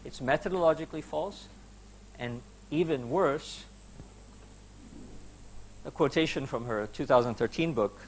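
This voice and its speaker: A man's voice: on the high side, a little slow, long pauses, slight background noise. A man giving an academic lecture to students, emphatic and conversational, with rhetorical questions and some hesitation fillers. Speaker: university lecturer. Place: lecture hall.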